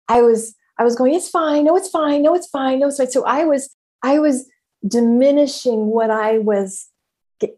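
A middle-aged former therapist hosting a podcast speaks in a high-leaning voice with a dark tone. In a candid, casual monologue to listeners, she's emphatic, swears freely, and repeats words as she goes.

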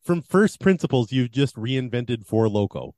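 Man, deadpan sports cohost, wry, mid pitch, dry mic. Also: moderate pace, no room sound. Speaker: podcast co-host, sports analyst. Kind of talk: casual sports podcast banter.

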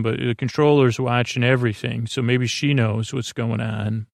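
A man hosting a sleep podcast, recapping an episode in a halting, hesitant way with many pauses. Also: mid-range voice, fairly even intonation, gravelly, no echo, clean studio sound. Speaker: podcast host.

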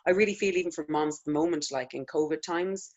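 This casual interview guest is an Irish lactation consultant in her thirties, chatty and full of fillers, saying "like" again and again. Her low, slightly mellow voice moves quickly, captured on lo-fi sound.

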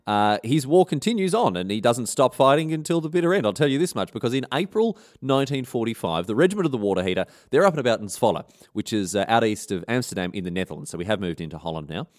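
A man's voice: mid-range voice, lively intonation, quick pace, hardly any pauses. A man, hosting a history podcast and telling the story in a comic, irreverent, slangy and rambling way. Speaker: podcast host.

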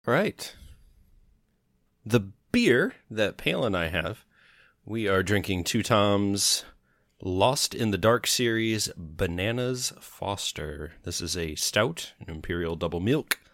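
Low-voiced man co-hosting a podcast. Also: animated, slow pace, fairly bright tone, no room sound, clean studio sound. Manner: joking, reads out beer labels. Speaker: podcast co-host. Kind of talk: casual chat.

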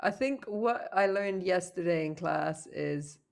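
A woman's voice: fairly low pitch, takes it slowly, creaky. A woman co-hosting a podcast in casual chat, telling stories and laughing often. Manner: laughs often, animated storytelling. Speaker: podcast co-host.

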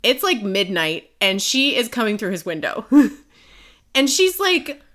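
A woman's voice: on the high side, very animated, unhurried, fairly bright tone. A woman co-hosting a podcast in casual chat, giggly and rambling, with lots of fillers. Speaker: podcast co-host.

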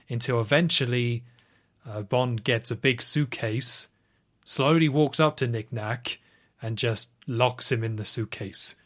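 A man's voice: medium pitch, fairly bright tone. Chatty man recapping a film. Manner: retells scenes at length, chatty with quick asides. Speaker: podcast co-host.

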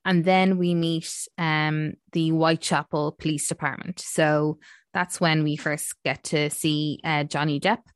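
A woman's voice: sits low, flat delivery, a little slow, dry recording, studio quality. A woman co-hosting a casual film review chat, rambling with lots of fillers. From Ireland. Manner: chatty, rambling with many fillers.

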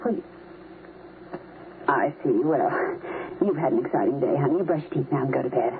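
An actress playing a gentle, indulgent mother who soothes and fusses, in 1950s radio drama style, heard through a tinny, hissy old broadcast. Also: a bass voice, moderate pace. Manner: soothing, fussing.

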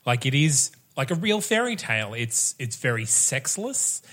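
A man's voice: medium pitch, very animated, normal speed, fairly bright tone. A man co-hosting a podcast, giving blunt, opinionated takes in casual chat. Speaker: podcast co-host.

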